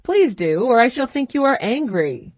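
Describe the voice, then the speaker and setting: A woman's voice: on the high side, very animated, normal speed, dry recording, highs cut off. A woman voicing a crafty, fussy middle-aged male magistrate who talks in a cackling, ingratiating way.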